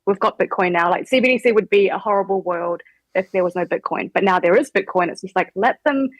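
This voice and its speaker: A woman's voice: medium pitch, fast talker, dry recording, low-quality recording. A woman with a New Zealand accent, a guest chatting casually with lots of fillers. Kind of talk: casual chat.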